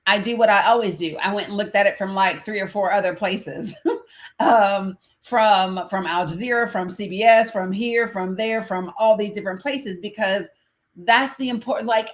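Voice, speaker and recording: A livestream panel host from the United States, this woman speaks in a mid-range voice at a moderate pace. Her casual talk turns impassioned and profane as she rises into outrage.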